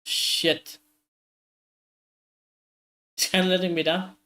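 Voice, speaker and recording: A high-voiced man streams a live football watchalong. He reacts loudly to every chance, swears freely and keeps calling out to his viewers. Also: moderate pace. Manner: excitable, swears often, talks straight to viewers.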